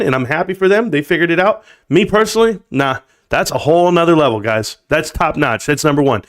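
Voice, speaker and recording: A man hosting his own live stream, ranting casually in an animated, blunt way. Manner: animated and blunt, pitch jumping up with emphasis. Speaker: livestream host.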